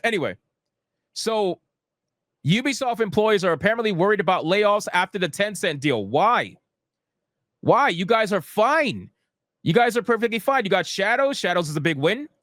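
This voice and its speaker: A man with a high voice rants over gaming news on a live stream. He swears often, repeats his points and mocks what he reads aloud. The sound is dry and close, with no room around it. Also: fairly bright tone, dry recording. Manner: profane, repetitive, mocking. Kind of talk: live ranting commentary, reading news aloud.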